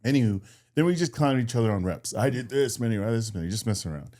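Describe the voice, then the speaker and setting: A man's voice: medium pitch, animated, very fast, mellow. A man co-hosting a podcast, telling a casual story in an easygoing way, chuckling often and restarting his sentences. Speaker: podcast co-host. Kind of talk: casual chat.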